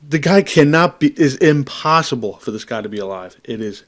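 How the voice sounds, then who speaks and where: A man's voice: mid-range voice, lively intonation, normal speed. A man giving an agitated, profane video commentary, pressing the viewer with repeated questions. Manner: talks straight to the viewer with constant tag questions.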